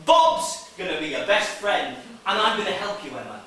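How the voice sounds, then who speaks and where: A high, showy game show host. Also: male voice, wildly swooping pitch, normal speed, fairly bright tone, heavily acted. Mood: gushing. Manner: showy, bossy, speaks down to the contestant. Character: brash male game show host Bob, pushy and patronizing. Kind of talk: improvised stage play. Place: theatre stage. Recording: echoey theatre from far off, faint music.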